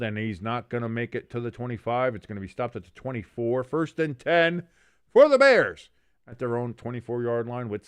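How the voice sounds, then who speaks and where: A man's voice: medium pitch, clear, resonant tone, dry recording. A man hosting a casual sports watch-along, mixing play-by-play calls with rambling jokes and chat comments he reads aloud.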